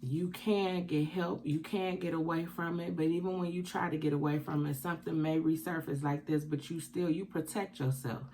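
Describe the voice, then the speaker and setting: Deep-voiced and dark in tone, a woman speaks at a moderate pace with fairly even intonation and few pauses, over a little hiss or hum. As a keto mukbang vlogger, she tearfully confesses something personal on camera, emphatic and repeating herself like a preacher.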